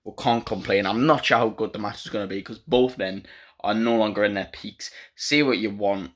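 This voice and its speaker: A man's voice: fairly low pitch, moderate pace. A man giving a casual, opinionated spoken review of a wrestling show. He rants freely and talks with frequent fillers.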